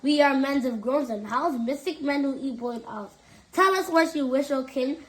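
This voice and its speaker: A woman's voice: high-pitched, normal speed, lightly acted, rough recording. A woman doing chanting spooky magicians. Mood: eerie chanting. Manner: sing-song chanting.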